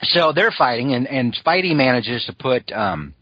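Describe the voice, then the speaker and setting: A man hosting a podcast, chatting casually with many fillers and restarts and clearing a scratchy throat. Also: mid-range voice, sing-song, moderate pace, lo-fi sound. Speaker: podcast host reviewing a cartoon. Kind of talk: casual chat.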